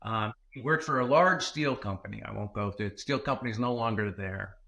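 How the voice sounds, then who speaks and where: A man who is a former tech executive, telling a story as a podcast guest in an animated way, with fillers and self-corrections. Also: on the low side, brisk, vocal fry.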